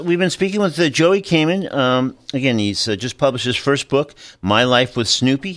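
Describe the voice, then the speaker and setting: A man hosting a radio interview show, speaking in a relaxed, halting way with many fillers. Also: medium pitch.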